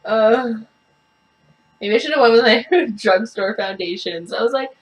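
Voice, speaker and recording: A woman's voice: on the high side, unhurried. A young woman vlogging a makeup review, talking casually and bluntly, swearing and ranting. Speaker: beauty vlogger.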